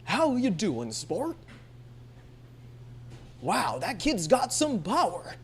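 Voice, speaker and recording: A woman's voice: mid-range voice, huge pitch swings, slow pace, a little hiss or hum, pitched above the performer's own voice, heavily acted. A woman voicing a jovial older male mentor, speaking roundly from the back of the throat.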